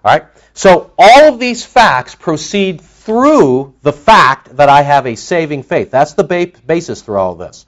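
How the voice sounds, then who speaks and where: A man's voice: on the high side, big pitch swings, unhurried. A man preaching a sermon, teaching with rhetorical questions to his congregation.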